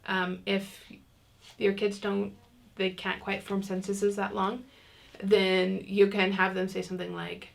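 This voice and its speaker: A woman's voice: mid-range voice, flat delivery, unhurried, gravelly. A woman teaching an online parenting class in a chatty, casual way, acting out what parents and kids might say. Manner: chatty, many fillers, acts out kids' lines.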